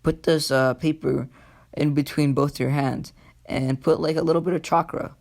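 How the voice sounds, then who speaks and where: A man's voice: a little high, steady tone, moderate pace, creaky. A man voicing a stern adult clan father in a casual retelling of an anime story, firm and rambling.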